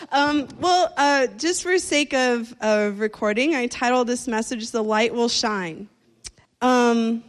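A young woman preaching at a church service, telling a story with laughs and restarts, then leading an earnest prayer. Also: fairly high pitch.

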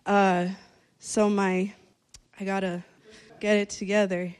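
A woman's voice: mid-range voice, flat delivery, slow pace, a little mellow, clean tone. A young woman preaching at a church service, telling a story with laughs and restarts, then leading an earnest prayer.

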